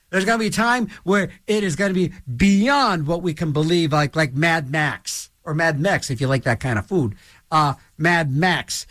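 Rambling high-voiced male host. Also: moderate pace, fairly bright tone, no room sound, clean studio sound. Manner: rambling, many restarts and stammers. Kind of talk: rambling solo monologue.

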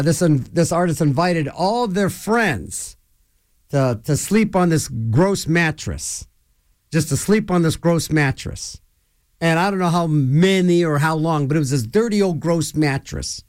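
A man hosts a local radio show, wandering from one tangent to the next. His slightly high voice swoops up and down with lively energy as he rambles. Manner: rambling, digressive, animated storyteller. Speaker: radio host. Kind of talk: rambling casual radio talk.

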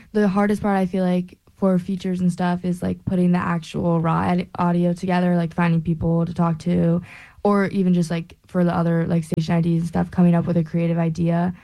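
A woman's voice: lowish voice, gravelly. A young woman, a radio intern, answering casually with many filler words. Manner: relaxed, filler-heavy.

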